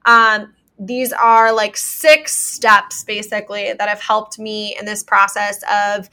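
A woman's voice: mid-range voice, little pitch movement, takes it slowly, bright, forceful tone. A young woman giving a casual motivational talk, chatty with lots of fillers, repeating her key phrases for emphasis.

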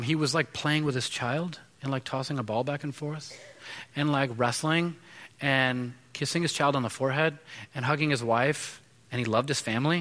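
Man, 30s, pastor, sermon, conversational, bright forceful tone, big reverberant hall. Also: medium pitch. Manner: conversational, many restarts and fillers. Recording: long reverb of a large hall.

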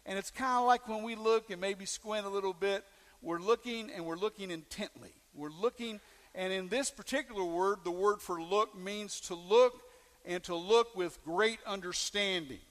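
Male pastor mid-sermon, folksy, asks the room questions; high voice, echoing church hall. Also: moderate pace, fairly bright tone. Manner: folksy storytelling with questions to the congregation.

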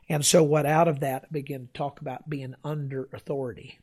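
A man preaching and teaching, telling of his ministry in an unhurried way with many filler sounds and reading old-style scripture aloud. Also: a little high, level tone, darkish tone, husky. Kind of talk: sermon-style teaching with personal story.

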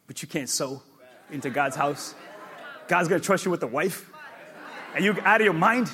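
A male pastor preaching a sermon, emphatic and repetitive, with sudden loud peaks. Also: fairly high pitch, animated, normal speed, long pauses, slightly rough.

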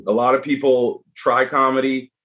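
A man telling a story as a podcast guest in casual conversation, animated and frank, with frequent restarts. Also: mid-range voice, moderate pace.

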